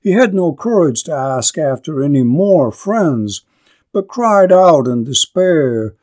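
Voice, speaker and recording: A man lecturing on literature, reading a classic story aloud slowly and deliberately, then commenting on it. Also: on the high side, animated, a little mellow.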